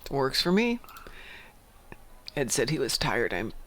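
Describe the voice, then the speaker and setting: A woman co-hosting a gaming livestream in casual chat, reacting in an animated, exclaiming way. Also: extremely low pitch, takes it slowly, no room sound.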